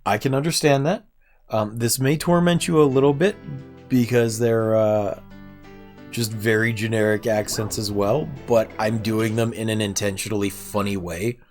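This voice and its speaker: Low-voiced streamer with a sore throat. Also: male voice, steady tone, normal speed, a little mellow, soft background music. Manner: chatty, self-deprecating, laughs often. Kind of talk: casual gameplay livestream chat.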